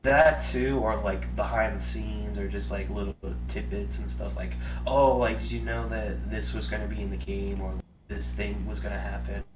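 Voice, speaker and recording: A man's voice: on the low side, fairly even intonation, normal speed, few pauses. A man casually rambling as a podcast co-host, swearing here and there. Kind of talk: casual chat. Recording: roomy distant mic with music.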